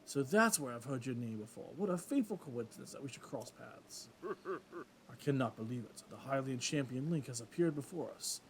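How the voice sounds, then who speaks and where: A man's voice: medium pitch, animated, a little fast, slight background noise, natural voice. A man reading game dialogue as a grand old male fish-folk king with formal, courtly phrasing. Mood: regal. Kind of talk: let's play voice reading.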